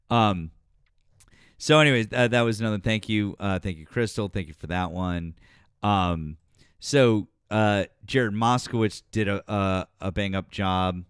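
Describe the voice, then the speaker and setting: Dude reading super chats on his stream, kinda low, super clean dry mic, rambles a lot. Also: unhurried, smooth, dry recording. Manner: rambling, swears, many fillers, reads chat aloud. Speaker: livestream politics host. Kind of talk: casual livestream chat.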